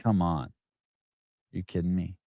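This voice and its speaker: Rambling low-voiced man hosting a chat show. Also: steady tone, measured pace, dry recording, phone-quality sound. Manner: rambling, restarts often, shouts quoted yells. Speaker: podcast host. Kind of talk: casual morning show chat with callers.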